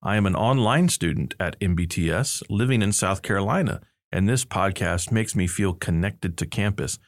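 A man's voice: low-pitched, moderate pace. A middle-aged man hosting a church podcast, bantering and reading listener reviews aloud with playful emphasis. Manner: playful, laughs often, reads aloud with mock emphasis. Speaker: podcast host, seminary professor.

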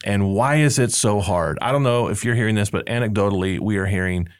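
A man's voice: on the low side, fairly quick, smooth, no room sound. A middle-aged man hosting a podcast in casual chat, with dry, joking banter. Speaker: podcast host, seminary professor.

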